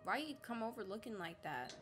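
A woman's voice: mid-range voice, big pitch swings, fairly quick, music in the background. A woman playing a horror game and commenting as she goes. She jumps, screams and swears, and she cracks jokes at the game's characters. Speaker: let's play gamer.

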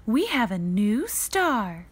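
A woman voicing a kindly schoolteacher who directs a class play, speaking in a gently encouraging way. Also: on the high side, big pitch swings, slow, husky, exaggerated voice.

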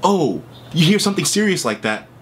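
A man's voice: a little high, sing-song, brisk, a bit bright, a little hiss or hum. A man giving a heated, profane reaction rant, reading messages aloud and snapping back at them. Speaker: online streamer.

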